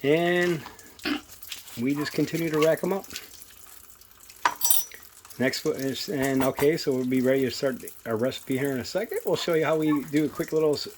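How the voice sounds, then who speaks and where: Male home-cook host, rambling and self-mocking, a bit high-voiced, recorded in a kitchen. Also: normal speed, long pauses, slight background noise. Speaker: cooking video host. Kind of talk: casual cooking demonstration.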